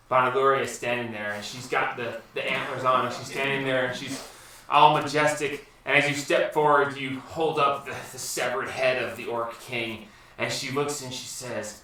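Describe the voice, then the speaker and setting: Bright-voiced man narrating as game master. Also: medium pitch. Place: home room. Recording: echoey room, distant mic, faint noise.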